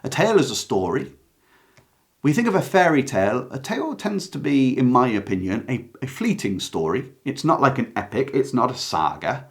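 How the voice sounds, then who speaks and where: Man, literature lecture, slow and thoughtful, lively pitch, mid-range voice. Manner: slow, reflective, searching for words. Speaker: literature teacher. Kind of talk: line-by-line lecture on a play.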